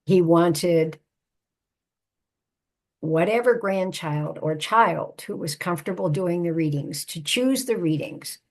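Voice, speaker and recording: An older woman, a psychotherapist and author, telling a personal family story in a measured, reflective way. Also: on the low side, darkish tone.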